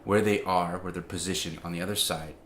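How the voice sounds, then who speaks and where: A man giving an informal, conversational sermon, full of restarts and fillers, growing animated as he tells the story. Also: low-pitched, brisk, slight background noise. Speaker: preacher.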